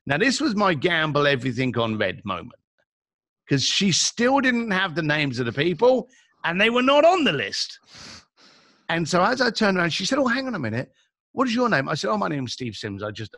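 Animated, gravelly-voiced London storyteller. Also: male voice, mid-range voice, no echo, studio quality. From England. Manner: animated storyteller acting out dialogue. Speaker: guest. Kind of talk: storytelling in a podcast interview.

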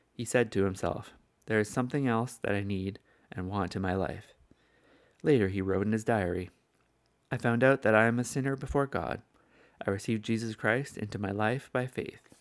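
An older man preaching with earnest conviction. His voice sits a little low and carries a gravelly edge. He tells stories from the pulpit as a sermon. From southern United States. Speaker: evangelist preacher.

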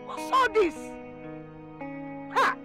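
A woman's voice: extremely slow, soft background music, poor audio. An actress with a Nigerian accent playing a furious mother who scolds a careless driver. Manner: sharp, scolding, shouting at times. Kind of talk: Nollywood film acting.

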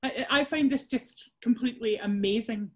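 A woman's voice: a little high, normal speed. A Scottish woman presenting a workshop over a video call, chatty and self-deprecating with frequent restarts.

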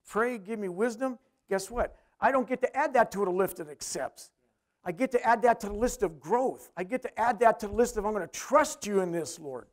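Middle-aged pastor, high male voice, chatty preaching, questions the congregation. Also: moderate pace. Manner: conversational preaching, asks the crowd questions. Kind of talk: sermon.

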